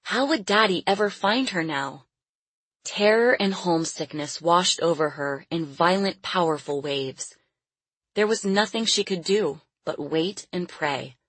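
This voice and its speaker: A woman narrating an audiobook in a steady, measured storytelling manner. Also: on the low side, breathy edge, dry recording, low-quality recording.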